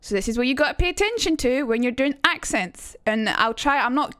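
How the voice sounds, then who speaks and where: High-voiced woman streaming. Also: lively intonation, a little fast, fairly bright tone, smooth, no echo, studio quality. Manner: chatty and self-mocking, swears freely. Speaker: streamer teaching accents. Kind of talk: casual livestream chat.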